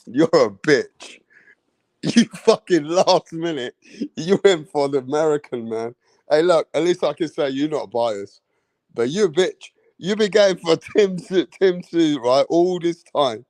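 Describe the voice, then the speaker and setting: A man hosting a boxing reaction stream, his voice pitched high for a man as he delivers a profane, mocking rant. He drags his words out slowly and keeps circling back to the same taunts. The sound is close and dry. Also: animated, darkish tone, no echo. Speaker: boxing commentator host. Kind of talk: ranting reaction commentary.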